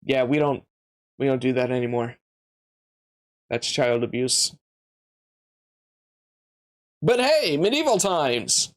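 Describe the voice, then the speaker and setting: A man's voice: medium pitch, expressive, slow, pauses often. A man reading a children's story aloud on a stream, stumbling and restarting and dropping in joking asides.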